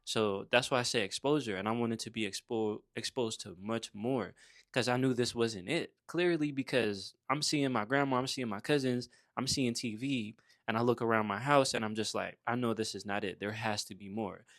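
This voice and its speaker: A man's voice: medium pitch, moderate pace, a bit bright, dry recording, clean studio sound. A young man from Saint Croix telling his life story in a casual, laid-back way, full of slang like "bruh" and "you feel me". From Saint Croix, US Virgin Islands. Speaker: motivational vlogger.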